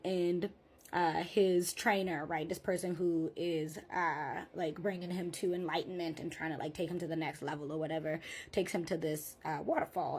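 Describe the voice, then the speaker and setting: A woman's voice: on the low side, darkish tone, a little hiss or hum. A woman therapist chatting in a casual vlog, retelling a story and often checking in with "right?".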